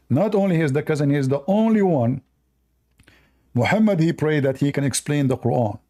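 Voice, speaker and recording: A man hosts a live debate stream, teasing callers in a mocking, animated way. His voice is gravelly and dark, and it sits a little high for a man. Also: normal speed. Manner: mocking, animated, non-native English phrasing.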